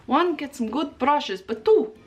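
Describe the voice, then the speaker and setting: High-pitched, excitable young female makeup vlogger with a bubbly, self-praising delivery. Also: measured pace. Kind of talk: makeup tutorial chat.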